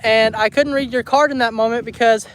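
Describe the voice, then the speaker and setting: High-voiced man chatting outdoors. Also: fairly even intonation, brisk, slight background noise, rough recording. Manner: talks to viewers and animals, emotional, soft coaxing. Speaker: homestead vlogger on a livestream. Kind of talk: casual livestream chat. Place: outdoors on a rural homestead.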